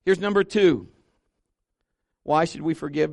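A man preaching a sermon as pastor, animated and emphatic, dropping softer and lower when reading scripture aloud. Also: moderate pace, no room sound, clean studio sound.

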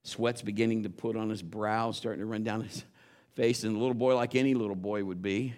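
A man preaching a sermon, telling a story and rising into loud exhortations. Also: fairly low pitch, steady tone, a little fast.

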